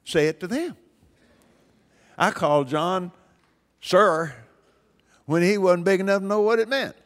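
A man's voice: sits high, a little slow. An older man preaching a sermon in a folksy, emphatic way, repeating phrases for stress. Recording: long hall reverb.

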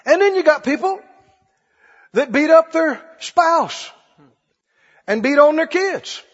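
A man's voice: extremely high pitch, expressive, slow pace, fairly bright tone. A man preaching a sermon in a conversational way, asking the congregation questions and acting out little scenes. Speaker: pastor. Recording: dull lo-fi audio with long hall reverb.

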